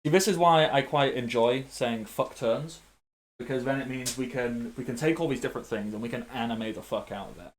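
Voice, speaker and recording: A man's voice: mid-range voice, a little fast, a little hiss or hum. Playful man running a tabletop game. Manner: animated, playful, makes sound effects. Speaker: game master.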